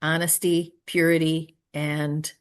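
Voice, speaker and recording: A woman speaking at a recovery meeting, earnest and prayerful, often trailing off softly and pausing to search for words. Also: deep voice, flat delivery. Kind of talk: personal share and Q&A answer.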